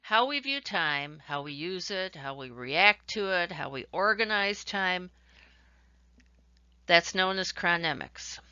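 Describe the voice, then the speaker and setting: A woman instructor delivers a recorded lecture in a bright, clear voice pitched a little low. She explains terms and acts out sample sentences with shifting stress. The sound is close and dry but dull, like a lo-fi recording. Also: animated, unhurried, few pauses, no echo. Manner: explanatory, demonstrating examples with varied emphasis.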